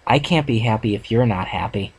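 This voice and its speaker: A man voicing a male pony who is gently comforting a mare, read softly and reassuringly. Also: lowish voice, fairly quick, husky. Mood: tender. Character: tender male pony, comforting his crush.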